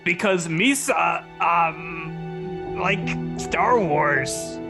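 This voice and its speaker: A man doing a clumsy, goofy male alien sidekick in an improv comedy bit, his voice pushed higher than usual. He mangles his grammar and sounds reluctant, and the recording has faint music under it. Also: extremely slow, gravelly, heavily acted. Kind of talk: improv comedy role-play.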